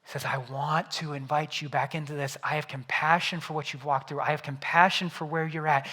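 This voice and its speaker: A male pastor preaching a sermon in church, moving from quiet reflection to loud, excited storytelling. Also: a little high, a little fast. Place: church sanctuary.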